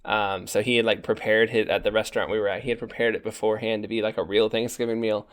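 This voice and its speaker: A man's voice: lowish voice, little pitch movement, fast. A young man co-hosting a podcast, talking casually and chattily with fillers and restarts. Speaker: podcast co-host.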